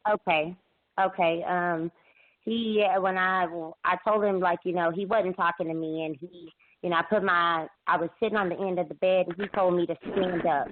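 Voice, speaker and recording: A woman calling in to a talk show, telling her account haltingly with many restarts and fillers. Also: on the low side, fairly even intonation. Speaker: caller. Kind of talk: emotional call-in account. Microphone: phone. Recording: tinny phone line.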